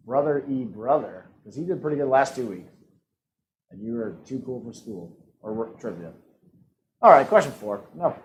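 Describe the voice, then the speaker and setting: A man hosting an online trivia night, his voice sitting a bit high and swinging up and down with a lot of life. He reads out each question and its options, then tosses off quick jokes and laughs between them. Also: low-quality recording. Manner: jokey, laughs often, reads out multiple-choice options. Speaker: trivia host. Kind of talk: live-streamed trivia hosting.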